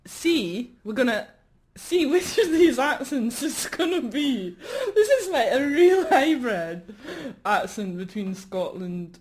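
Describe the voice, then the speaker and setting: A woman's voice: on the high side, sing-song, takes it slowly, a little mellow. A woman co-hosting a live radio show, playful and rambling, who laughs often. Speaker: radio co-host. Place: radio studio.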